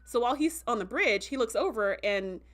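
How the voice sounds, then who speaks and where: A woman hosting a casual livestream review, chatty and full of "like" and "um" fillers, who slips into animated voices when quoting characters. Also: fairly high pitch, a little fast. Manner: breaks into animated voices for quotes.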